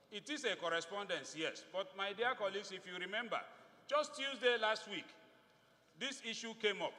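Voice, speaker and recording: A man's voice: sits high, pushed and bright. Emphatic Nigerian man in an echoing chamber. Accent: Nigerian English. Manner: formal, emphatic, rising to stress key words. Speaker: legislator. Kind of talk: parliamentary floor speech. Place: large legislative chamber. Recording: long reverb of a large chamber.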